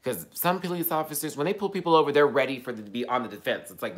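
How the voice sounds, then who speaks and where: A man telling a story as a casual vlog rant, sassy and profane, swinging from loud outbursts to low muttered asides. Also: quick pace. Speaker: vlogger.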